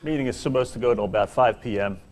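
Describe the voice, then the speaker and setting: Middle-aged man, comic workplace speaker, self-mocking, playful timing. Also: medium pitch. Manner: animated, self-mocking storytelling with dramatic pauses. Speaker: corporate speaker at an employee seminar. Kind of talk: comic speech to a live audience. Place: large hall before an audience.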